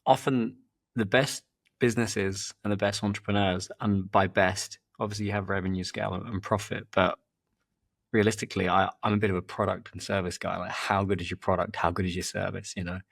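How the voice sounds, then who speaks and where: A man from England with a fairly low, creaky voice rambles through casual stories at a fairly quick clip. He's a podcast host and performance coach who repeats himself and grows lively as he tells anecdotes.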